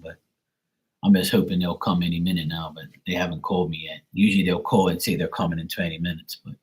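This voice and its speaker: A man's voice: low voice, flat delivery, fast talker, husky. A Bermudian man in his thirties chatting casually and rambling on a live stream, with some swearing.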